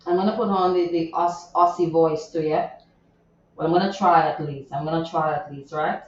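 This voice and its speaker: In a radio studio, a female morning show host with a deep voice and fairly even intonation reads out social media news at a moderate pace. She chats indignantly about a viral story, wandering into many asides, and the sound is very echoey, distant and dull with slight hiss or hum.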